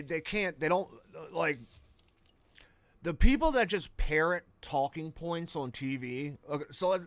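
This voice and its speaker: A man's voice: a little high, no echo. Profane rambling gamer man. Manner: crude, profane, rambling rants with sudden outbursts. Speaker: gaming streamer. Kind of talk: casual gameplay commentary.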